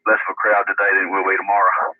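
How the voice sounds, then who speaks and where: An older man with a low voice chats on a radio net in a relaxed, halting way, pausing to search for words. His voice comes through a tinny, phone-like radio line. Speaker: caller. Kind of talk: casual radio chat.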